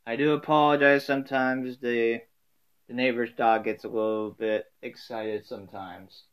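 A man's voice: medium pitch, steady tone, moderate pace, clear, resonant tone, muffled recording. A man hosting a casual solo talk from home, rambling with many fillers and restarts.

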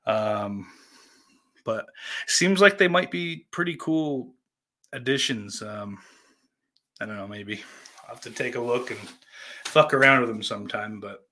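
A man hosting a podcast in casual live-stream chat, greeting viewers and rambling through profane, self-deprecating banter, with loud outbursts between muttered asides. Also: medium pitch. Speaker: podcast host.

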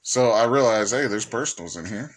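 A man's voice: lowish voice, animated, a little fast, slightly rough. Man spinning a comic tale. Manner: laughs often, profane. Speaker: podcast host. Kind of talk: comic storytelling.

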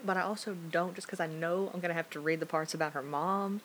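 A young woman cohosting a casual podcast chat, telling animated stories and swearing freely. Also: on the low side, fairly quick. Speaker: podcast co-host. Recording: faint hiss.

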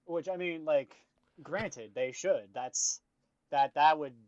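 A man's voice: on the high side, slow pace, darkish tone, no echo. Blunt swearing man on a dull, dry mic. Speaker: podcast co-host. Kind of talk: casual podcast chat.

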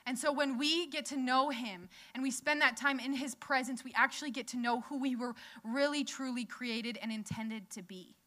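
A woman's voice: sits high, fairly even intonation, moderate pace, few pauses, bright, forceful tone. A young woman preaching in a casual, chatty way, asking the audience questions and laughing often. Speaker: speaker at a church gathering. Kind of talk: casual sermon.

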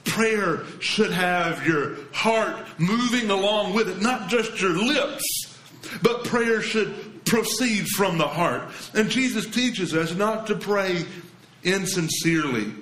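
A man preaching a sermon as a pastor, his voice set a little high for a man. He speaks with earnest emphasis and turns quiet and low for the scripture lines. The sound carries a roomy echo around him. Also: animated, slow pace.

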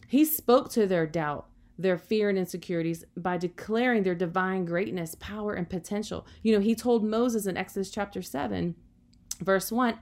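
A woman's voice: medium pitch, a little mellow. A woman preaching a sermon in an earnest, encouraging way, often adding "you know" as she talks.

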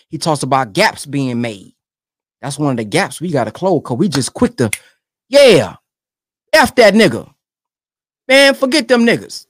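A man giving casual commentary on speech clips, animated and colloquial, repeating phrases for emphasis. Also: fairly high pitch, no echo, clean studio sound.

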